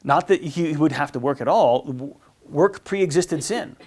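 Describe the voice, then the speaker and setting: A priest giving a casual teaching talk on marriage, often stumbling over and repeating words and acting out little exchanges. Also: male voice, on the high side, normal speed, a little mellow. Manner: conversational, repeats words, acts out quotes.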